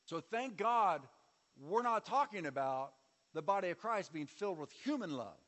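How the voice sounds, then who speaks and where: Male pastor, high voice, sermon with call-and-response, long hall reverb. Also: animated, moderate pace, fairly bright tone. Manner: preaching with audience call-and-response and sweeping shifts in volume.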